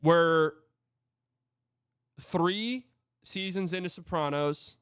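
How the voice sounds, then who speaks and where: A man's voice: medium pitch, moderate pace, smooth, dry recording, clean studio sound. A young man from Texas hosting a show, reading viewer comments in a loose, rambling, chatty way. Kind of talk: casual livestream chat.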